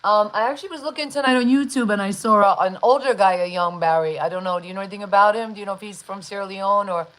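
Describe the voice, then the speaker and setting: A woman hosting a live online interview, chatty and enthusiastic, with many shout-outs. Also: mid-range voice, fast, hardly any pauses, rough recording. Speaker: interview host.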